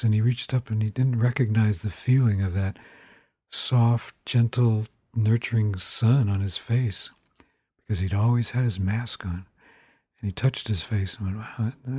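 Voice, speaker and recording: Husky, dark-voiced male storyteller. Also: fairly low pitch, no echo, studio quality. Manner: informal, rambling with fillers and restarts. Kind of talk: spoken storytelling.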